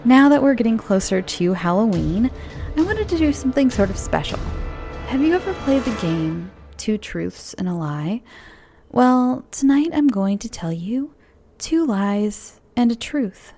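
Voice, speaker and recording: An American woman hosting a podcast and narrating horror stories in a soft, friendly way that sometimes dips into whispers. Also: on the high side, very animated, a little slow, soft background music. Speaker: host and storyteller. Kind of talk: calm horror story narration.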